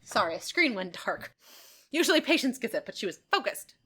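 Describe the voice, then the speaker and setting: Young woman, casual podcast chat, animated storytelling, very expressive pitch. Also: brisk, slightly rough. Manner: animated storyteller, acts out movie scenes in voices. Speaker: podcast co-host telling the case.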